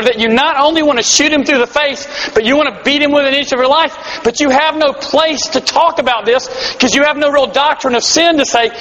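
A man's voice: very high-pitched, fairly quick, hardly any pauses, a bit bright. A man preaching a sermon to a live audience, earnest and emphatic, with self-deprecating humor. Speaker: pastor. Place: large hall before a live audience. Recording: dull hall-echo live recording.

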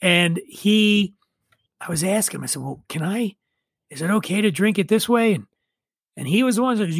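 A man's voice: high-pitched, lively intonation, normal speed, long pauses, slightly rough, dry recording. A middle-aged man telling stories in casual chat, profane and opinionated. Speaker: podcast guest.

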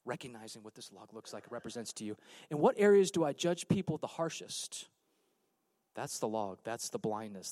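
A pastor preaches on a church stage, swinging from hushed, low passages to loud, emphatic calls out to the congregation. There's no echo.

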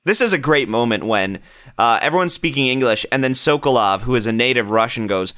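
A man's voice: mid-range voice, lively intonation, fairly quick, sharp tone. A man in casual podcast chat about video games, rambling and profane, often breaking into mocking impressions.

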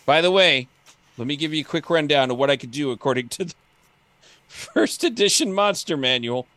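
A man voicing a boastful old male undead knight in an offhand, flat retelling. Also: on the high side, moderate pace, no echo.

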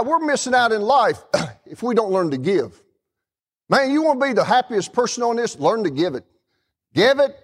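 In church, a middle-aged preacher gives a lively, folksy sermon, regularly turning to talk with the congregation. His fairly high male voice swoops up and down with plenty of expression.

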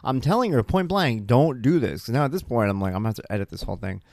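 Tired dad telling stories on a podcast, lively. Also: male voice, mid-range voice, rapid-fire, vocal fry, no echo, studio quality. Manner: animated storyteller, acts out dialogue. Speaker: podcast host. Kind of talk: casual solo podcast monologue.

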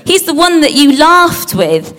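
A woman giving a lively Bible story talk to children, asking them questions and acting out the characters. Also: sits high, a little slow. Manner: animated, acts out the characters, asks the audience questions.

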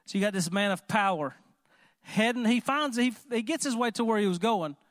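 A man preaching a sermon in an animated, conversational way, often asking the congregation questions. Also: sits high, fairly quick, no room sound, clean studio sound. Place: church.

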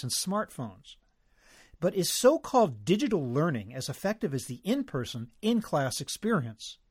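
A man hosting an interview podcast, reading a scripted introduction and then asking guests measured questions. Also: on the high side, dry recording, studio quality. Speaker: podcast host.

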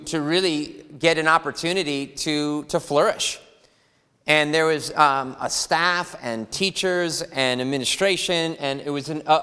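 A young adult man preaching a sermon as pastor, rousing the congregation with lively, energetic delivery. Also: a little high, clean tone. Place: church sanctuary. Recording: reverberant church hall with faint music.

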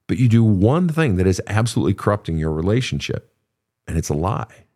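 Older male therapist-host, low voice, very lively pitch, profane and conversational. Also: fairly quick. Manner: animated, profane, storytelling with acted quotes. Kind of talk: casual advice talk.

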